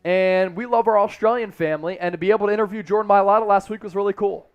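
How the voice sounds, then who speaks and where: High-voiced young man hosting a sports stream. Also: quick pace, clean tone, highs cut off. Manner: energetic, reads chat aloud. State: exerting, counting push-ups. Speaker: host of a live sports stream. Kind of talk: casual live-stream chat.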